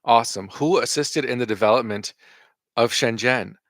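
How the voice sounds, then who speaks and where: A man's voice: medium pitch, normal speed, a bit bright, dry recording, studio quality. A man hosting reaction commentary, answering clips with profane, sarcastic rebuttals.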